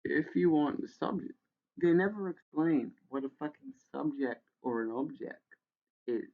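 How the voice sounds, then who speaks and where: A man's voice: on the high side, expressive, unhurried, narrow, tinny audio. A man giving sarcastic, exasperated commentary as he reads a how-to page aloud, with a lot of swearing. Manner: exasperated, profane ranting. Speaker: video creator.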